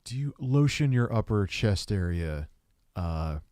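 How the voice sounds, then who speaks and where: Dude hosting a live stream, crude jokey reactions, lowish voice, dry close sound. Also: male voice, very animated, unhurried, warm tone, no room sound. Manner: crude, joking asides. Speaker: stream host.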